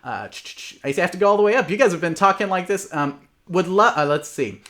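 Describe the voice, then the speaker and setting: A man's voice: sits high, fast. A man co-hosting a live online show over a video call, chatting casually and animatedly and often tagging his points with "okay?". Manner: animated and persuasive, frequent "okay?" and "there you go". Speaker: co-host of a live arcade repair show. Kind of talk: casual live-stream chat, reading viewer comments. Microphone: remote video call.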